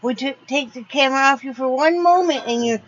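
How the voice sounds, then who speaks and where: A woman's voice: high-pitched, fairly quick, muffled recording. A woman filming a casual home vlog in her RV, scolding her dogs playfully and rambling through her day with lots of ums. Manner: relaxed rambling daily update with many ums. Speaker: vlogger.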